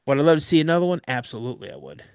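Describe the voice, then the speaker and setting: A man guest on a podcast, telling a story of an encounter in an animated way and acting out other people's voices. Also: fairly high pitch, very fast, clear, resonant tone, dry recording, clean studio sound.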